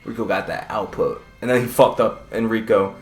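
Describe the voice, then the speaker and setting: A man's voice: lowish voice, a little fast, faint music behind. A man giving a casual, profane and rambling recap of combat sports fights. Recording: roomy echo.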